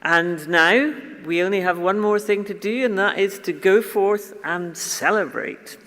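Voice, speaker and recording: A man's voice: high voice, unhurried, pushed and bright, slight background noise. A man giving the closing remarks at a graduation ceremony, with small fillers between his phrases. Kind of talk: ceremony speech. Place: large ceremony hall. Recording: echoey large hall.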